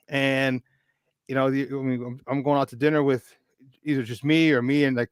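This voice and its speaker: A man in his fifties, a podcast guest telling a story in a chatty, animated way. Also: medium pitch, fairly quick, clean tone, no echo. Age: 50s. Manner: chatty, animated, with many restarts. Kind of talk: casual storytelling.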